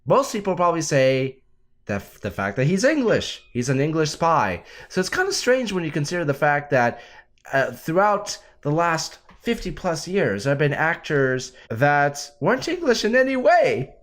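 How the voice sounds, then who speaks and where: Male host, casual chat, lively pitch, laughs easily. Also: normal speed. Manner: animated, laughs often. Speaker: podcast host.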